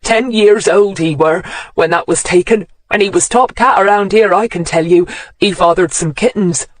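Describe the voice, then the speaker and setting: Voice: medium pitch, moderate pace, no room sound, voice pushed up, close to an everyday voice. An audiobook narrator voicing a grumpy old countryman with a rural English accent, aggrieved and blunt. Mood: gruff, aggrieved. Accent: English West Country rural. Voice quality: rural dialect, sneering then cracking. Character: grumpy old countryman grieving his cat.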